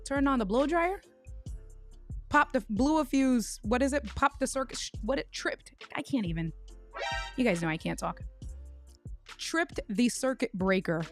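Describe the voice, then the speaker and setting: A woman's voice: on the high side, animated, soft background music. A woman hosting a casual livestream, telling a tech mishap story and greeting viewers by name with lots of restarts. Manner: tells stories with quick restarts. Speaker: livestream host.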